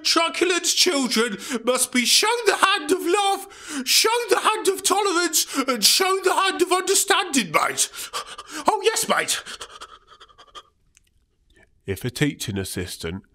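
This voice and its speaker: A man's voice: extremely high pitch, wildly swooping pitch, measured pace, bright, forceful tone, exaggerated voice. A man playing a pompous, patronizing politician who sneers sarcastically and ends lines with "mate". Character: smug pompous male left-wing politician, patronizing. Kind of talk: comedy sketch.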